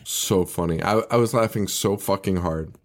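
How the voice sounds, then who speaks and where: A man's voice: low voice, moderate pace. A man co-hosting a podcast, recapping a movie in casual chat, laughing often, swearing and restarting his sentences. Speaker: podcast co-host.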